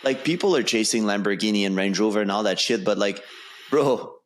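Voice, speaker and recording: A man's voice: lowish voice, a little fast. A man hosting a casual podcast chat, telling stories animatedly and swearing freely. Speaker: podcast host.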